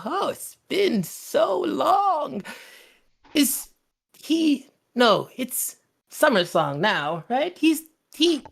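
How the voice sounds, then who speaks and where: A man voicing an ancient, sweet-talking old hag who speaks in a high, quavering, chuckling voice. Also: vocal fry, fairly bright tone, full character voice.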